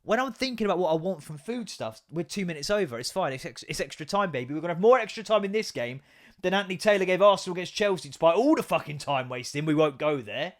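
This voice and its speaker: Sweary English podcast host ranting. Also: male voice, high-pitched, fast talker. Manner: sweary, animated, laughs often. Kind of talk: casual comedic rant.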